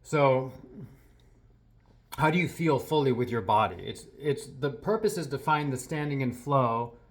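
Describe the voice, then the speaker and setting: Male healing practitioner, soft-spoken and earnest, reflective talk to camera, mid-range voice. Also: medium pitch, lively intonation, unhurried. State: a little teary.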